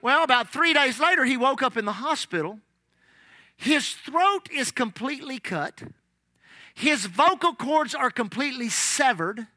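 A man's voice: extremely high pitch, a little slow, no echo. A man preaching a sermon, telling stories and calling out "amen" as he goes. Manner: animated, repeats lines, calls out "amen". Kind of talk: sermon with storytelling.

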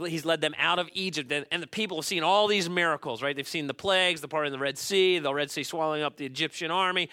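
A man preaching a sermon as pastor, telling a story in an animated way and acting out the voices he quotes. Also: high voice, clean tone, dry recording. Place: church.

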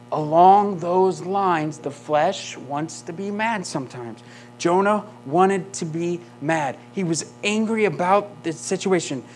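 A man delivers a sermon at an unhurried pace, pressing each point with emphasis. He often turns to the congregation with rhetorical questions. A faint electrical hum sits under his voice. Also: high voice. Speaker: pastor.

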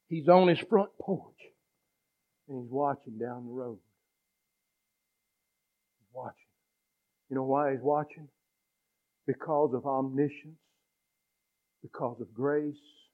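A middle-aged male pastor preaching a passionate sermon, swinging between loud appeals and hushed pleading. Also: a little high. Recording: tinny phone-like sound.

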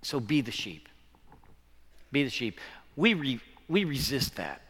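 Bright-voiced preacher in a reverberant church. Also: male voice, medium pitch, sing-song, measured pace, breathy edge. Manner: earnest preaching that swells from hushed to loud and back. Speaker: pastor. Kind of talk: sermon.

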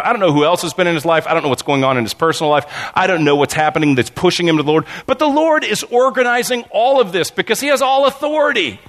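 A male pastor preaching in a lively, wide-ranging voice that sits a little high for a man. He tells stories animatedly, often stammering and restarting, and acts out the people in them. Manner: animated storytelling, acts out voices in his anecdotes. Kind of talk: sermon.

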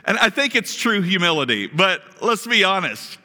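A man's voice: high voice, very animated, normal speed, pushed and bright. A male pastor preaching a sermon in a conversational way, asking the congregation questions. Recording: reverberant hall.

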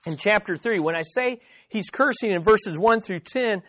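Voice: medium pitch, normal speed, fairly bright tone. A Bible teacher leads a study group in an emphatic, hands-on way. The teacher keeps turning to the listeners with direct questions and repeats words to drive a point home.

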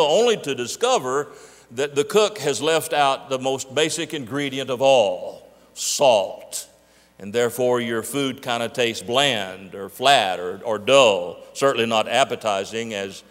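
A man preaching a sermon as pastor, stressing key words by slowing down and leaning on them. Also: mid-range voice, a bit bright, big-room sound.

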